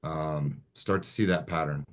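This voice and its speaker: A man's voice: rumbling low, fairly even intonation, unhurried. A man in his thirties on a group video call, talking in an earnest, reflective way. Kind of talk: casual chat.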